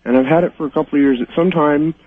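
A male caller on a phone line, talking in an excitable, earnest way. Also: a little high, very fast, husky, no echo.

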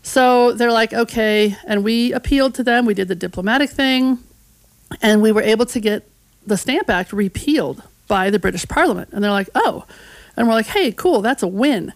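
A woman's voice: on the high side, fairly quick, no echo. A woman historian as a radio guest, explaining history casually and acting out voices from the past. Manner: conversational storytelling, acts out voices of history.

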